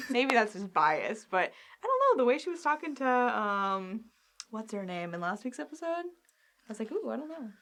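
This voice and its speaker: A woman co-hosting a casual TV recap show, reacting with quick agreement and hedging her theories with "like". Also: on the high side, sing-song, a bit bright. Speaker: podcast co-host.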